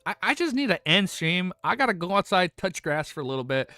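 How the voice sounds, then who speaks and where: A young male streamer talks fast and excitedly to his chat, rambling, swearing and laughing as he gets overstimulated. His voice sits on the higher side and swings widely in pitch. The sound is dry and close, with faint music underneath. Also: dry recording. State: overexcited and lightheaded. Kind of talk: excited casual livestream chat.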